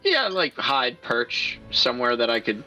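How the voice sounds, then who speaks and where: A man's voice: mid-range voice, sing-song, unhurried, sharp tone, muffled recording, soft background music. A man playing a tabletop game, hesitant and asking how the rules work. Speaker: player.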